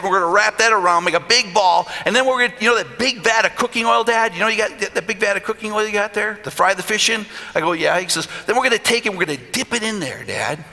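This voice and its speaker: Animated middle-aged preacher, bright and gravelly. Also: male voice, high-pitched. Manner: animated, acts out voices in stories. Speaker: pastor. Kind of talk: storytelling sermon. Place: church hall. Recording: long hall reverb.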